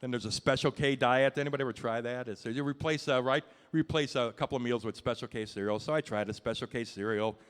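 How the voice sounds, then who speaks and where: A man's voice: mid-range voice, fast talker, few pauses, smooth. A man doing a stand-up comedy set on a club stage, brash and self-mocking, swearing through his punchlines.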